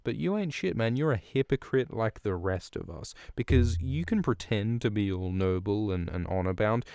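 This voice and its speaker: A man's voice: fairly low pitch, animated, moderate pace, vocal fry, darkish tone, smooth, dry recording, studio quality. A man voicing a scheming, scornful queen in a comic podcast retelling, with crude, goading taunts. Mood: taunting.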